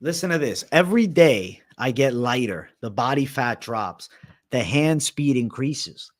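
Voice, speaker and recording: A man's voice: medium pitch, lively intonation, a little slow. A man from Massachusetts with a Boston accent, hosting a casual livestream, reading chat aloud and answering it with lots of swearing and "bro". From Massachusetts, raised in Florida. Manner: swears freely, reads and answers chat, says bro a lot. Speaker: livestream host.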